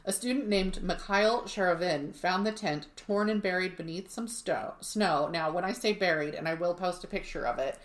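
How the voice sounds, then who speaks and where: Lowish-voiced woman podcast host, chatty and wry, telling a mystery story, echoey room. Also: moderate pace, hardly any pauses. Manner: chatty, wry asides, laughs at herself.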